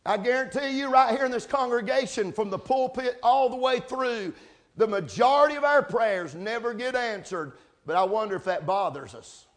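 A man preaching a sermon, building from steady teaching to shouted emphasis, spelling out key words. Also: extremely high pitch, normal speed. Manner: rising to shouts, spelling out words, answering amen. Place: church service.

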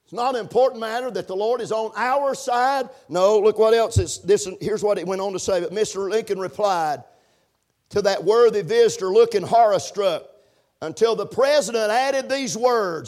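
A man preaching a sermon, punctuating his points with amens and building to shouted emphasis. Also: high-pitched, normal speed. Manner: preaching with call-and-response amens, rising to shouts. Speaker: pastor.

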